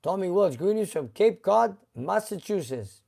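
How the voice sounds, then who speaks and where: Mellow-voiced man hosting a garage live stream. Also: high-pitched, gravelly. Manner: relaxed, halting, with many uh fillers. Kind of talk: casual live-stream chat reading viewer comments.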